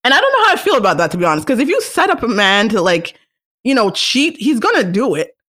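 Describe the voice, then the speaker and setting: A young woman hosting a solo podcast, talking casually in a chatty, animated way. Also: on the high side, quick pace. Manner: chatty, animated, restarts and laughs. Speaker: podcast host.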